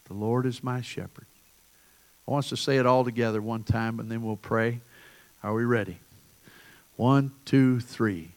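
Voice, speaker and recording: A man pastor preaching a sermon, building emphatic repeated refrains and then praying softly. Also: medium pitch, moderate pace, pauses often.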